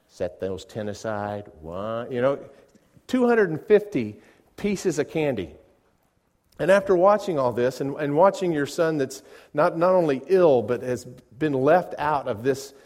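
Man preaching a sermon, stammering restarts. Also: on the high side. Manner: repeats words when starting sentences; swings from soft asides to loud emphatic peaks. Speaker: pastor.

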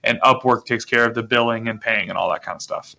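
Bright-voiced man, dull lo-fi audio. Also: medium pitch, fast, creaky. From South Carolina. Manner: relaxed, rambling with restarts. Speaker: guest, real estate wholesaler. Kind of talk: casual interview talk.

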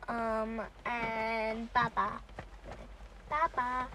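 A woman with a fairly high voice talks slowly and haltingly, leaning on ums and likes as she chats. She sits some way from the mic, with steady noise behind her. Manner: hesitant, full of ums and likes. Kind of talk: casual chat. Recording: distant mic with clear background noise.

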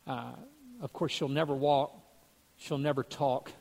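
A man's voice: medium pitch, steady tone, measured pace, gravelly, darkish tone. A man earnestly telling a religious testimony story, acting out what other people said.

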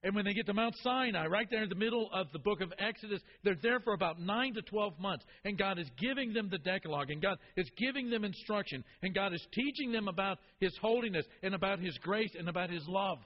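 High-voiced preacher in a reverberant hall. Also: male voice, quick pace, few pauses, highs cut off. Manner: call-and-response questions to the congregation, repeating phrases for emphasis. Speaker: pastor. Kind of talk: sermon.

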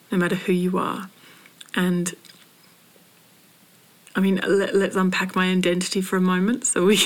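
A woman from Britain, a spoken word poet and coach, hosting a podcast in a slow, searching monologue with restarts and soft breathy passages. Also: on the low side. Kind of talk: reflective solo podcast monologue.

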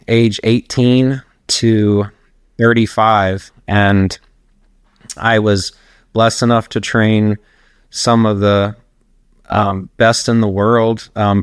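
A man's voice: on the low side, smooth, dry recording, studio quality. A middle-aged man, a personal trainer, telling long rambling stories as a guest in a casual interview. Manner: rambling, anecdotal, laughs while telling stories.

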